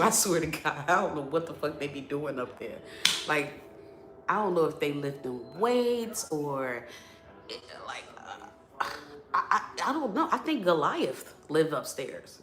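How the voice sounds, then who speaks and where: A young adult woman streaming from her apartment, chatting with viewers in an animated, profane, playfully complaining way. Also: low voice, a little slow, soft background music. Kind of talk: casual live-stream chat. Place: apartment room indoors. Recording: echoey room.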